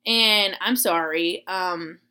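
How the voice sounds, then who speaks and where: Bright-voiced chatty young woman. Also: fairly low pitch, slow, smooth. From Florida. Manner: chatty and self-deprecating, with many fillers. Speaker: teacher. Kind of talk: casual storytelling vlog.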